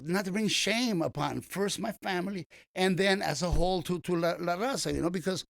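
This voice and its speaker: Older male comedian, raspy and fairly high-pitched, dry studio sound, meandering anecdotes full of restarts. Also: fairly quick, a bit bright, no room sound. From East Los Angeles. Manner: rambling anecdotes with many restarts and fillers. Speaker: comedian guest. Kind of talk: casual storytelling interview. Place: radio studio.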